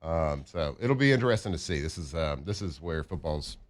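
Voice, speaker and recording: A deep-voiced man co-hosting sports talk radio in a loose, joking way. He talks things through casually and sometimes acts out what a player might be thinking. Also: lively intonation, fairly quick. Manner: laid-back, joking, acts out players' thoughts.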